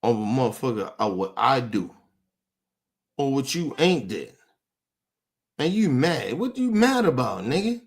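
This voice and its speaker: A man's voice: mid-range voice, sing-song, a little slow, long pauses. Angry man ranting in street slang. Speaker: podcast host. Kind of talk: heated rant to camera.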